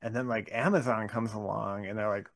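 A man's voice: on the low side, fairly even intonation, gravelly, no room sound. A man in casual conversation, speaking hesitantly with many fillers. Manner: slow, hesitant, lots of ums and likes. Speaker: podcast co-host. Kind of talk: casual chat.

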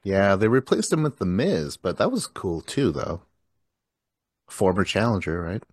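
A man's voice: low-pitched, big pitch swings, a little slow, a little mellow, slightly rough, no echo, clean studio sound. A man co-hosting a casual podcast chat, ranting bluntly and exasperatedly, with some swearing. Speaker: podcast co-host.

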